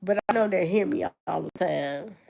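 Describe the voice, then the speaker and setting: Gravelly-voiced young woman, casual vlog talk. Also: lowish voice, moderate pace, dark tone, a little hiss or hum. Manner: reflective, loose and conversational, many fillers. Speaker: vlogger. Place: her grandmother's room at home.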